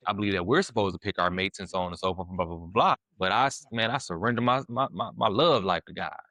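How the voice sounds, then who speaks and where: A man talking casually about faith and dating as a podcast guest, animated and fond of "you know what I'm saying", sometimes acting out his prayers. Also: low-pitched, quick pace, no room sound. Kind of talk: casual faith-based conversation.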